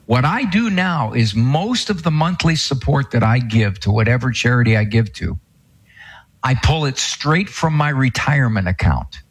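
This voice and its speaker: An older man speaks in a husky, slightly breathy voice. He talks in a folksy, emphatic way on a studio radio show and drives home his points by repeating them. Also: mid-range voice, animated, normal speed. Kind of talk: casual radio talk.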